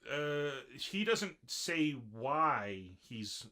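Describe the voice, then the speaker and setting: A man's voice: fairly high pitch, sing-song, drawn-out words, pushed and bright. A man co-hosting a podcast, chatting casually about an anime episode, rambling with fillers and restarts. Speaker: podcast co-host. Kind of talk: casual chat recapping an anime.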